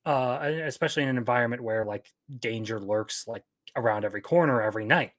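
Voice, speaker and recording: Brief: mid-pitched male co-host, casual and a little halting. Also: a bit bright. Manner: hesitant, restarts and searches for words. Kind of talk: casual commentary.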